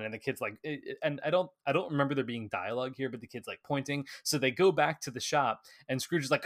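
A man's voice: mid-range voice, fast talker, hardly any pauses. Man animatedly retelling movie scenes. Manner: animated retelling with acted-out quotes. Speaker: film podcast co-host. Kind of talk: casual chat.

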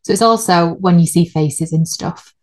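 A woman's voice: lowish voice, moderate pace, darkish tone. A woman, co-hosting a podcast in casual chat and laughing at her own slips. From United Kingdom. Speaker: podcast co-host.

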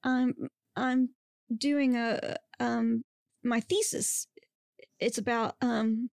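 A woman's voice: on the high side, fairly even intonation, extremely slow, creaky, a little mellow, no room sound, studio quality, heavily acted. A woman voicing a flustered young woman grad student who stammers nervously in a podcast reading of a monster romance.

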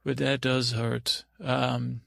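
A dim, dreamy young prince, voiced by a man, drifts through a silly bedtime tale, halting and losing his way mid-sentence. His voice is heavily gravelly and sits at an ordinary middle pitch. The sound is close and dry, with no room around it. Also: little pitch movement, a bit bright, dry recording, exaggerated voice. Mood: dreamy rambling. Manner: meandering, halting, easily sidetracked storytelling. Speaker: podcast host. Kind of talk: improvised comic bedtime story.

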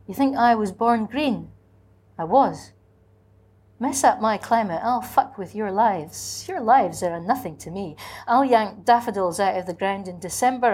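The ageless spirit of spring speaks in a lyrical, incantatory way, as a woman reads it aloud. There is a quiet menace under the flowing lines. The pitch is an everyday middle register, and the delivery has the measured pace of a dramatic literary reading. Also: slightly rough.

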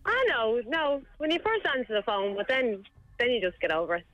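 An Irish woman calls in to a radio show and chats frankly, her voice a bit higher than most. The sound is dry and close. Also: sing-song, a little fast, fairly bright tone, no room sound, poor audio. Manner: chatty and frank. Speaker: caller. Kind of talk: casual phone-in chat.

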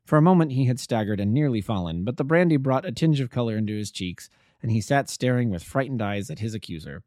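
A man, an amateur narrator, reading a classic story aloud in a steady, plain way. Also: mid-range voice, quick pace, no echo, studio quality. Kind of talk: audiobook narration.

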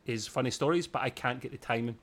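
A man's voice: mid-range voice, fast talker, a bit bright. Chatty self-deprecating man. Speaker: podcast co-host. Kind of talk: casual review chat.

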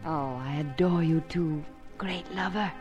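An actress playing a sweet, timid young wife with a soft, hesitant voice, in 1940s radio acting. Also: female voice, low-pitched, a little slow, highs cut off, faint music behind.

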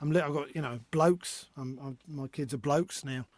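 High-voiced man, lively storyteller. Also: normal speed. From North London, England. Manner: animated storyteller, acts out voices. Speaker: guest author and comedian. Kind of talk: casual chat.

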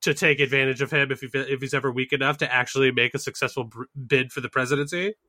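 A man's voice: medium pitch, fairly even intonation, quick pace, sharp tone, dry recording, studio quality. A man moderating a casual political panel, rambling with many fillers.

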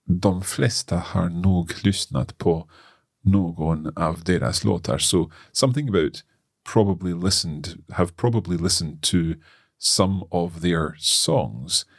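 A man hosting a casual lesson, working through phrases aloud with halting restarts and frequent laughs. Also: deep voice, vocal fry, breathy edge, dry recording, studio quality. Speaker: language learner host.

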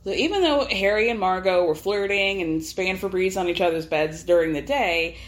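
A woman's voice: on the low side, normal speed. A woman hosting a podcast, recapping a reality show in a casual, chatty way and acting out the quotes. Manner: chatty, acts out quotes with laughs. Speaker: podcast host.

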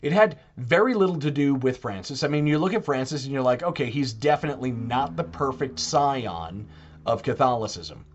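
A man talking in a casual podcast monologue, animated and putting on mock voices when he quotes others. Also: mid-range voice, normal speed, lo-fi sound. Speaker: Catholic podcaster.

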